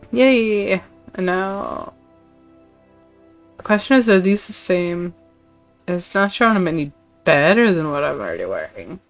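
A woman's voice: lowish voice, big pitch swings, slow, pauses often, faint music behind. A woman VTuber chatting casually while playing a game, laughing often and commenting as she goes. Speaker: VTuber streamer. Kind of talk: casual gameplay stream chat.

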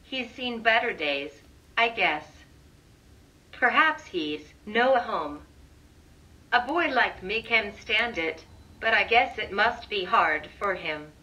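A woman's voice: medium pitch, animated, slow, pushed and bright, far from the mic, pitched below the performer's own voice, poor audio. A woman voicing a generous, eager young boy in a storybook reading.

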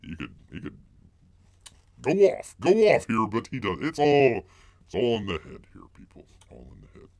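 A man's voice: medium pitch, huge pitch swings, moderate pace, darkish tone, dry recording. A man hosting a live-stream news commentary, rambling and mocking, full of filler words, who speaks of himself in the third person. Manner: heavy filler words and restarts.

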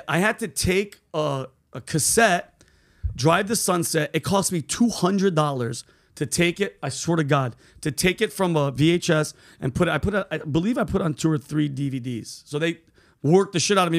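Brief: male podcast host, loose profane storyteller, a bit high-voiced. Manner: profane, animated storyteller, says bro and dude.

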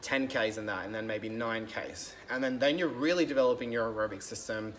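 A man's voice: medium pitch, fairly quick, a bit bright. A young man, a fitness coach, talking loosely to camera and explaining a training idea with frequent ums and restarts. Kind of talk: casual explanatory talk to camera.

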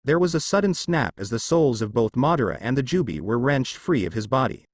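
A man narrating a scripted story in a dramatic, expressive way. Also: medium pitch, brisk, dry recording, clean studio sound.

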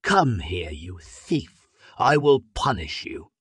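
A man voicing a big male lion who is proud, stern and quick to threaten, in a storybook tale for learners. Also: on the low side, very animated, a bit bright, slightly rough, dry recording, studio quality, full character voice.

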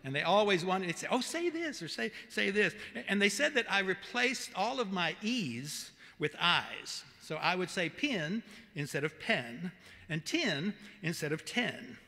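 A man with a Southern accent preaching a sermon as the pastor, earnest and measured, with emphatic repetition. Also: high voice, sing-song, sharp tone. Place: church sanctuary. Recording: long church reverb.

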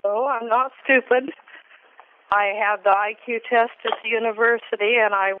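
A woman's voice: a little high, steady tone, normal speed, a little hiss or hum. A woman caller on the phone, defensive and laughing things off. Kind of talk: phone call. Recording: tinny phone line.

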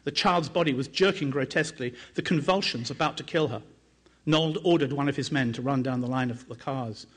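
An author and journalist reads passages from his own book aloud, measured and dramatic in delivery. He lifts his pitch whenever he voices quoted speech.

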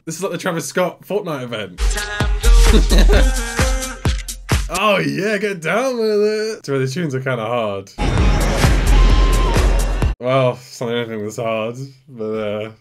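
A young man casually reacting to an animated film, chatty and laughing often, with the film soundtrack behind. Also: mid-range voice, a little slow, pauses often, over loud music. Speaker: movie reaction host.

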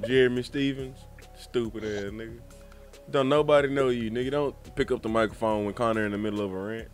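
A man's voice: medium pitch, brisk, clean tone, faint music behind. A man hosting a podcast in casual, profane chat, acting out quotes with gusto. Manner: animated, profane, quotes clips with relish. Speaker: podcast host.

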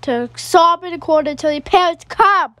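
A woman voicing a stern female babysitter who hands out punishments in a bossy, rushed way. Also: very high voice, pushed and bright, no room sound.

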